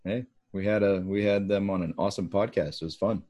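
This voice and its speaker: Deep husky guy co-hosting a chatty podcast, jokey. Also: fairly even intonation, fairly quick, mellow. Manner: joking, laughs at himself. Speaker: podcast co-host. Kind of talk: casual chat.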